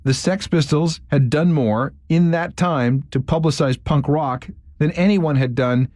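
A man's voice: a little high, measured pace, a little mellow, dry recording, studio quality. A man narrating a scripted radio history segment, telling the story and acting out quotes. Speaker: radio host.

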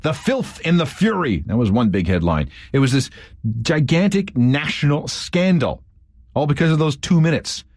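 Lively man telling a radio story. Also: a little high, normal speed, dry recording, clean studio sound. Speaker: radio host. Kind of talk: scripted storytelling narration.

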